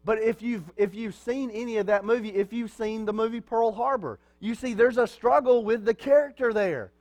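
A pastor preaches from the pulpit in a fairly high, somewhat dark voice at a normal pace. His style is conversational, posing rhetorical questions to the congregation and then answering them himself.

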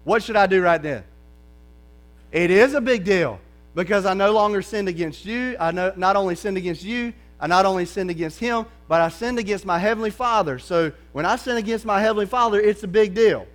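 A man preaching a conversational sermon to a congregation, often checking in with "okay?" and sometimes dropping to a soft, low voice. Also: a little fast. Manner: drops to a soft, low voice for stretches.

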